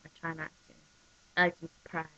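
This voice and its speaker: A woman in casual chat, talking excitably with lots of "like" and "um" as she recaps a soap episode on her webcam. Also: low-pitched, fast talker. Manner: chatty and excitable, full of "like" and "um". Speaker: soap opera recap vlogger. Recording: dull lo-fi webcam audio.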